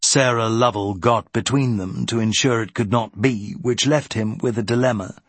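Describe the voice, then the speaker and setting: Husky-voiced male audiobook narrator. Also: medium pitch, normal speed, dry recording.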